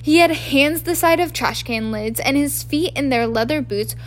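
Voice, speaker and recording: A woman reading a book aloud as an amateur narrator, in a halting way with frequent restarts. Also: sits high. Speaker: audiobook narrator. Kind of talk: audiobook reading.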